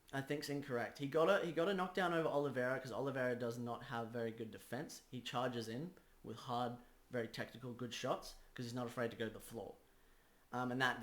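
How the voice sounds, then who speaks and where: A man's voice: mid-range voice, echoey room. A man giving a casual fight breakdown, acting out scenarios play by play. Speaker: combat sports analyst.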